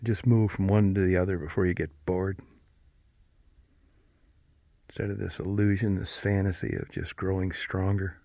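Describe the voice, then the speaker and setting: A man's voice: deep voice, steady tone, normal speed, gravelly, long pauses, warm tone, no room sound. A middle-aged man rambling in a casual vlog, swearing a lot and mocking himself in a wry, ranting way. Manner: profane, wry, self-mocking rant. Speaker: vlogger.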